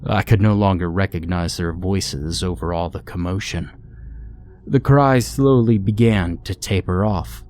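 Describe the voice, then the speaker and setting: Deep voiced guy reading a scary story, steady and ominous, slight background hiss. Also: unhurried. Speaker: horror story narrator. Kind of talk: scripted narration.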